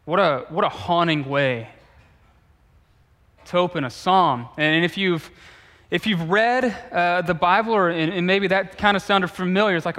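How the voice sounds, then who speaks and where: Bright-voiced man preaching in a hall. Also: high voice, normal speed. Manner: conversational, with relaxed asides and restarts. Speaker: youth pastor. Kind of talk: sermon. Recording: long reverb of a large hall.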